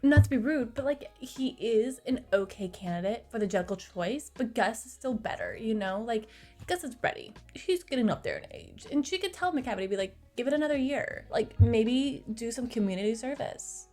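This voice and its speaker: A woman's voice: a little high, lively intonation, fairly quick, mellow, faint music behind. A young woman recapping a movie in a casual, chatty way, with sarcastic asides, recorded on a close mic. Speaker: movie reviewer.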